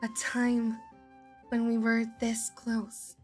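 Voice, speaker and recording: A woman imitating a young female fighter from a game, wistful and earnest, speaking softer and lower than her usual voice. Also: completely flat delivery, slow pace, faint music behind.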